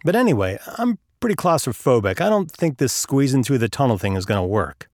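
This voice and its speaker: A man voicing a stubborn, fearful man stuck in a hole, pitching his voice up and whining. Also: sing-song, brisk, no room sound, clean studio sound. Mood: excuse-making. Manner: whiny, raises his pitch for the character.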